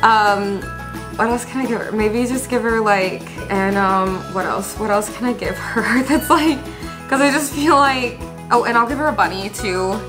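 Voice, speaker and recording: A young woman hosting a casual gameplay commentary, gushing and excitable and laughing often. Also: a little high, normal speed, over music. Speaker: gaming channel host.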